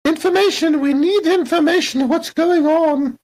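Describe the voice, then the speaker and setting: A practical, curious crew member from a tabletop horror game, played by a player. The voice sits high but sinks into low murmurs, with a dry, wry edge. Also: normal speed, a little mellow, rough recording.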